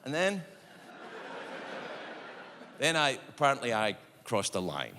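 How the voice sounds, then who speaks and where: A comedian telling a lively stand-up story, his pitch bouncing all over. His voice is bright and slightly high, carried by a long hall reverb with steady hiss. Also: moderate pace, pauses often. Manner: animated, self-mocking storytelling. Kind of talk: stand-up routine. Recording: reverberant live venue with hiss.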